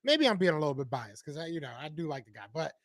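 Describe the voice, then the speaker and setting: A man's voice: fairly high pitch, very animated, fast, crowd noise. A man hosting a sports call-in show, easygoing and agreeable, chatting casually with a caller. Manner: easygoing, agreeable, laughs along. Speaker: host.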